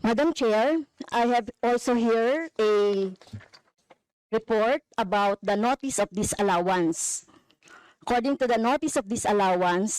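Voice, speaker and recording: A woman's voice: mid-range voice, a little mellow, dry recording, rough recording. A woman with a Filipino accent, a legislator questioning methodically at a budget hearing and reading out figures. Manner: methodical, reads out figures, code-switches.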